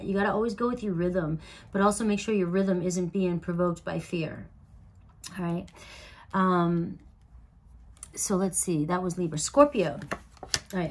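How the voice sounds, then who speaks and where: A woman's voice: lowish voice, slight background noise. A young woman giving a casual tarot reading to her viewers, chatty and loose, often starting with "all right.". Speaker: tarot reader.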